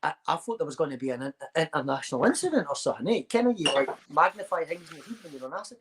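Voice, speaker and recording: A man's voice: a little high, very fast, noisy background. A man telling a long, sweary anecdote in casual chat, acting out the people in it. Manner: swearing, animated anecdote-telling with acted quotes. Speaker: podcast host.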